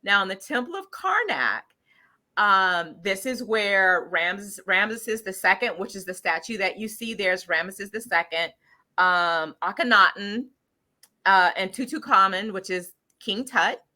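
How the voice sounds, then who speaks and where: A middle-aged woman with a bright, clear voice, telling her viewers a travel story in a loose, chatty way. She rambles, stops and restarts her sentences, and fills the gaps with lots of ums. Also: medium pitch, animated, a little slow. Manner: rambling, with many fillers and restarts. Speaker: channel host sharing travel story.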